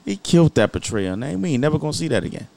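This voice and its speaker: A man co-hosting a casual podcast chat, slangy and animated, often cutting in. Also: a little high, gravelly, no echo. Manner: animated, slangy, quick to interrupt. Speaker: podcast co-host.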